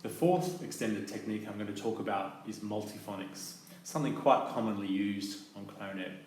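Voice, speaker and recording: A man with a fairly low voice gives a calm, methodical lesson, pausing on soft fillers as he explains each point. His voice rings out in a very echoey room over a faint hiss of noise. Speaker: clarinet teacher. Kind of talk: instructional demonstration.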